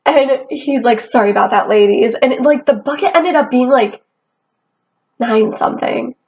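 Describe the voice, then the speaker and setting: A young woman tells a casual storytime rant in a fairly high voice, animated and swearing freely. The recording is dull and lo-fi. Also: moderate pace. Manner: swearing, animated, quotes herself often. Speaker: vlogger. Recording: dull lo-fi sound.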